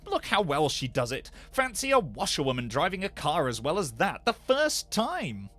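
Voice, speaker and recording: A man voicing a kindly, polite gentleman motorist, genteel and a little fussy, in a storybook reading. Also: a little high, huge pitch swings, moderate pace, heavily acted. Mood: hearty.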